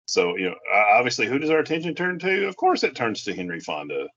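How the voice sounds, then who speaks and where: A man co-hosting a podcast, talking casually about films in a halting way with many restarts. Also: medium pitch, huge pitch swings, a bit bright. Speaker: podcast co-host. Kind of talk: casual film discussion. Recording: dull lo-fi sound.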